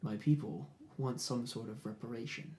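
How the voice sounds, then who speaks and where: A man doing a shrewd barbarian chieftain. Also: lightly acted. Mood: hushed scheming. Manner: low, hushed bargaining, slow and deliberate.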